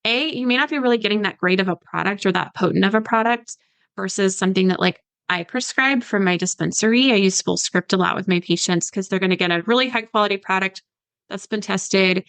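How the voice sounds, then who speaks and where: This mid-range, fairly quick female voice has a creaky, slightly bright yet clean tone, with no room sound on a rough recording. It belongs to a woman dietitian in her thirties who, as a podcast guest, casually explains supplements, using many "like" fillers and mimicking patients.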